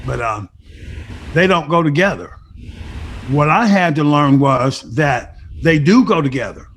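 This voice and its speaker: A man's voice: fairly high pitch, expressive, measured pace, a bit bright, a little hiss or hum. A middle-aged man giving a personal testimony as an interview guest, telling his story with emphasis and acting out remembered conversations. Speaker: guest sharing a recovery story.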